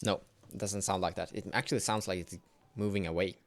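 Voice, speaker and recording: A man's voice: deep voice, steady tone, a little fast. A man narrating a horror tabletop game as game master, describing scenes to the players.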